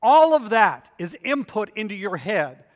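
A man's voice: high voice, sing-song, measured pace, big-room sound. A man preaching a sermon as pastor, emphatic and repetitive, telling personal stories to make his points.

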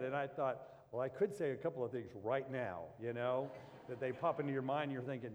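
A man's voice: medium pitch, fairly quick. A man preaching as pastor, talking in a loose, conversational way with restarts and asides. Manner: conversational, rambling storytelling with restarts. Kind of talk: sermon. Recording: long hall reverb.

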